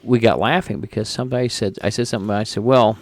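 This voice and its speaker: A man co-hosting a ghost story podcast, telling stories in an animated, casual way. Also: on the low side, racing, no echo. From United States. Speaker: podcast co-host. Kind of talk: casual chat.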